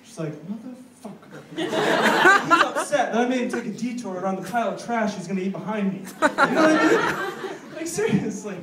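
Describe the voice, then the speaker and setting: Brief: young American male comic, high-pitched, animated storyteller, roomy distant club recording with noise. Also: moderate pace. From United States. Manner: rambling, animated storytelling with acted-out voices. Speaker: stand-up comedian. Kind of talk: stand-up comedy set. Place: comedy club stage. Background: audience laughter.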